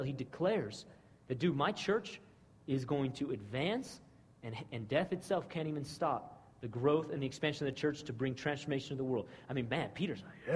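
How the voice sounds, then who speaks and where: Husky, animated preacher in a reverberant hall. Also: male voice, fairly high pitch, moderate pace. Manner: animated, slangy, keeps asking "right?". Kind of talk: casual conversational sermon.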